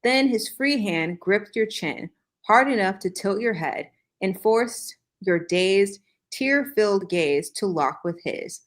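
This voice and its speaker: A woman's voice: mid-range voice, expressive, slow pace. A woman hosting a podcast who reads fan fiction aloud, keeping a dry tone and breaking it with joking asides. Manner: dry reading broken by joking asides and laughs. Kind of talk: comedic dramatic reading with asides.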